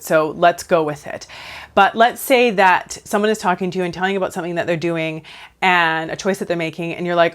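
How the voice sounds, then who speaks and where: A woman in her thirties, a counsellor giving casual advice straight to camera, animated and talking directly to her viewers. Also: lowish voice.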